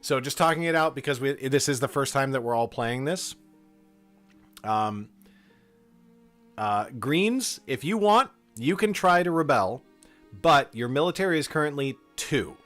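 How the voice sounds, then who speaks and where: A relaxed man hosting a live game stream, reading rules aloud and chatting with viewers in a mid-pitched voice. Quiet music plays faintly in the background. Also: a little slow. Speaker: streamer running a game for chat. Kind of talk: casual live-stream narration.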